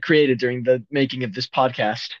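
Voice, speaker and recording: A young man co-hosting a casual podcast, joking in a mock-gloomy, deadpan way. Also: mid-range voice, normal speed, no echo, highs cut off. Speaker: podcast co-host.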